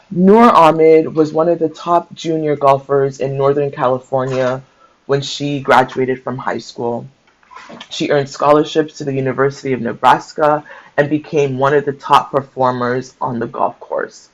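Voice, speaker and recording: A man hosts a casual book share. He reads passages aloud and breaks off into heartfelt, conversational asides, and his voice sits at an ordinary middle pitch. The recording is dull and lo-fi. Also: fairly even intonation, unhurried. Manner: conversational, mixes reading aloud with emotional asides. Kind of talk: casual book reading with commentary. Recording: dull lo-fi sound.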